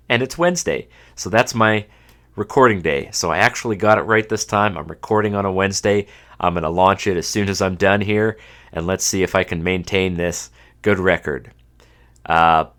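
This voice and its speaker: A man's voice: low-pitched, a bit bright. A man in his thirties from Canada hosting a solo podcast, talking casually with dry, self-mocking humor and sounding a little stuffed up from a cold. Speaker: podcast host.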